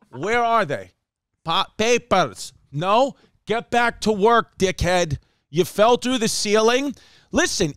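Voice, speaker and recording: New comic guy ranting through a story, smooth clear voice, kinda high, dry close mic. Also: no echo. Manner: animated, acts out quotes, rapid run-on storytelling. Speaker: comedian podcast host. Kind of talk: comedic storytelling monologue.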